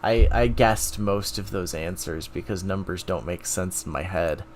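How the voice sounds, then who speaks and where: A man's voice: low voice, unhurried, a little hiss or hum. A man streaming live, thinking aloud in a self-mocking casual way while taking quizzes.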